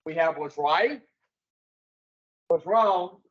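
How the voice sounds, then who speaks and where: A man's voice: a little high, extremely slow, lo-fi sound. A man speaking to an addiction recovery group in a folksy, preaching way, putting rhetorical questions to his listeners.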